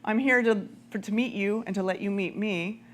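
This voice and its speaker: A woman minister giving a conversational, animated sermon with frequent laughter, then leading a prayer. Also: mid-range voice, moderate pace, a little hiss or hum.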